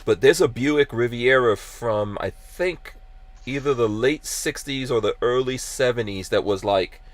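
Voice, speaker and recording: A man's voice: mid-range voice, dry recording. A man hosting a casual podcast, reading out live chat comments with lots of fillers and restarts. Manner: halting, many fillers and restarts. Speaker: podcast host.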